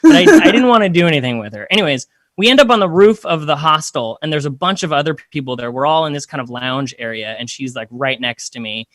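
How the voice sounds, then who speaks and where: A man's voice: fairly high pitch, expressive, fast talker, few pauses, fairly bright tone, dry recording, clean studio sound. A young man telling a comedy story in a casual, rambling, self-deprecating way, full of fillers.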